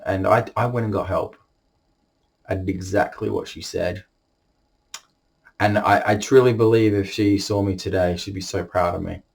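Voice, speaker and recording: A young man telling a personal story to the camera, halting and emotional, holding back tears. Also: sits low, darkish tone. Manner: halting, emotional, many restarts.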